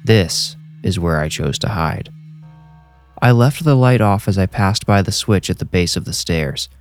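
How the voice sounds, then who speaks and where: A man reading a scripted horror story aloud in a measured, hushed storytelling manner. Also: low-pitched, expressive, faint music behind. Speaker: horror story narrator and host.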